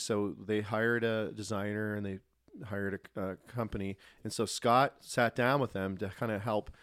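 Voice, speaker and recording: A former pro hockey player, a man, telling relaxed, rambling stories as a podcast guest. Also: fairly low pitch, no room sound, studio quality. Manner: relaxed, anecdotal, lots of restarts. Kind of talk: casual storytelling.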